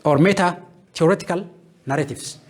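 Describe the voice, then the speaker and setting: A man's voice: on the high side, a little hiss or hum. A man giving a classroom lecture, listing terms one by one and answering his own questions. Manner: asks questions and answers them himself; lists terms one by one with pauses.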